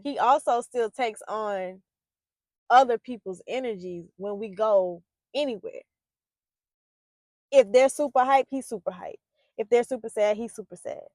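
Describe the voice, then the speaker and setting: Speaking a little slowly in a voice on the high side, a woman who writes poetry and vlogs about parenting reflects sincerely on raising kids, with no echo on the recording. She talks loosely, full of fillers and restarts, then becomes emphatic and louder when making her points.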